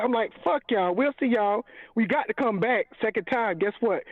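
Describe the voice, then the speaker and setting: A man calling in to a podcast, loud and profane, ranting and shouting about a lost game. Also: high-pitched, animated, moderate pace, no room sound. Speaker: regular podcast member calling in. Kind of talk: angry fan rant. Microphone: phone call-in. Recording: muffled call-in line.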